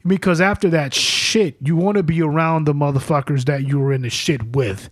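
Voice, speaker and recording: A man's voice: fairly high pitch, steady tone, normal speed, dry recording, studio quality. A man, a military veteran guest on a podcast, telling his stories in a blunt, profane and emphatic way. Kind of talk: casual podcast chat. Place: studio.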